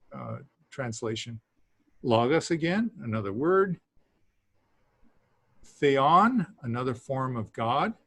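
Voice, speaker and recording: A man teaching a beginners' language class, talking haltingly with many fillers and small laughs. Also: medium pitch, fairly bright tone. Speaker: Greek teacher. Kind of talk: classroom lesson.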